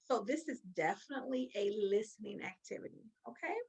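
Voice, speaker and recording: A woman's voice: on the high side, expressive, gravelly, a little mellow, breathy edge, dull audio. A woman teaching a children's phonics lesson, encouraging and drawing out words as she claps along. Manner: slow, sing-song and encouraging, drawing out words.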